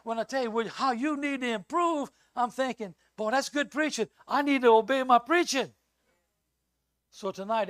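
High-voiced older man preaching. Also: no room sound. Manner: animated storyteller who acts out loud quoted lines. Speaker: visiting preacher. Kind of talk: sermon with personal storytelling.

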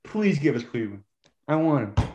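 A man's voice: medium pitch, very animated, moderate pace, a little mellow, dull audio, a little hiss or hum. A young man co-hosting a sports podcast, a hyped, trash-talking fan in casual chat. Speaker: podcast co-host.

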